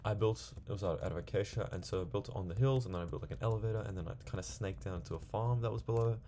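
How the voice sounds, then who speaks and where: A man's voice: on the low side, rapid-fire, warm tone, slight background noise. A young man chatting to himself while playing a video game, rambling casually from one thing to the next. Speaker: gaming video creator. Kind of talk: casual gameplay commentary.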